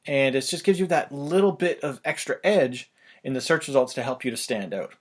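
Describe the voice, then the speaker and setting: A man, talking fast and loosely with lots of fillers as he explains online marketing, a little out of breath. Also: medium pitch. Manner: rapid, loose, filler-heavy delivery. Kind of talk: casual fast explainer talk.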